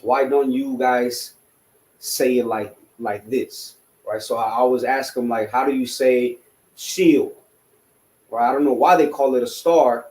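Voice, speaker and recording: A man's voice: medium pitch, unhurried, a little mellow, echoey room, low-quality recording. A man teaching a language class in a loose, rambling lecture, full of fillers and tag questions. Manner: rambling, many fillers and rhetorical "right?".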